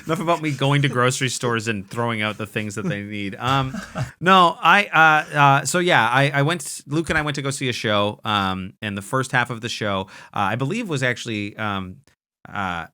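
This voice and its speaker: A man's voice: mid-range voice, lively intonation, moderate pace, sharp tone, clear, resonant tone. A man hosting a comedy podcast, telling a long rambling story in casual chat with frequent "um"s and restarts. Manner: rambling, lots of fillers and restarts. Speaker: podcast host.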